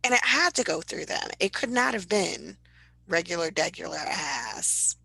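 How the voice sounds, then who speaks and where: A young woman co-hosting a podcast in casual chat, telling stories with animated bursts of high-pitched impressions. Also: normal speed, gravelly, breathy edge, no echo, low-quality recording. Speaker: podcast co-host.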